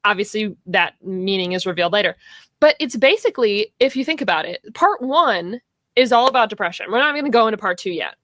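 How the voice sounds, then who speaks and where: A woman's voice: medium pitch, animated, brisk, a bit bright, no echo. Laughing woman passionately defending a film. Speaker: co-host. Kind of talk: casual film debate.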